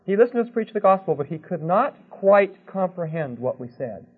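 A man's voice: high-pitched, sing-song, brisk, slightly rough. Male preacher, storytelling teacher, tinny phone-quality recording. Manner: checks in with "okay?", tells anecdotes. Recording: narrow, tinny phone-like sound.

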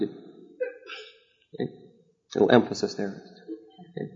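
Unhurried and gravelly, this medium-pitched male voice is expressive and leaves long pauses. The preacher teaches on counseling in an earnest, repetitive manner, regularly asking "okay?". The recording is lo-fi and a little dull.

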